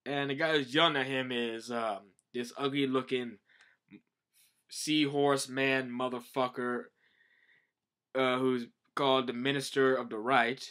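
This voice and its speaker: A man chats through a manga chapter in a loose, rambling way, leaning on "like" and restarting sentences. His voice is mid-pitched with a bright, forceful edge. He sounds eager and unscripted. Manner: rambling, enthusiastic, heavy use of "like". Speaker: manga reviewer. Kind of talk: casual manga commentary.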